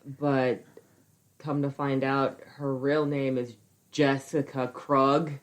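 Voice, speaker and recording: A woman with a low voice co-hosts a casual podcast chat. She talks bluntly and sounds exasperated, swearing freely as she talks about her school-age child. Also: flat delivery, takes it slowly. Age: adult with a school-age child. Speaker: podcast co-host.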